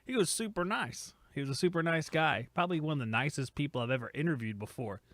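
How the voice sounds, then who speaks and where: A man's voice: a little high, a bit bright, no room sound. A man hosting a casual live stream from a home studio, reading chat comments aloud and teasing the commenters in a rambling, joking way.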